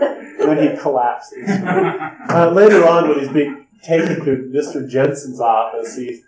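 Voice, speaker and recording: A man recapping and analyzing a film's scenes at length, in a discursive way with frequent pauses. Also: medium pitch, a little mellow. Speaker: film commentator. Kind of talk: spoken film analysis and recap. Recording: roomy echo.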